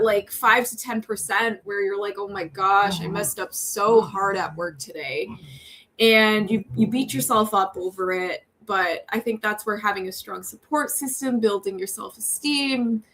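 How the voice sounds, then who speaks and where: A woman's voice: on the high side, normal speed, fairly bright tone, slight background noise. A young woman, a TV news reporter, talking earnestly as a podcast guest, chatty, with frequent laughs and fillers. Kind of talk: casual interview talk.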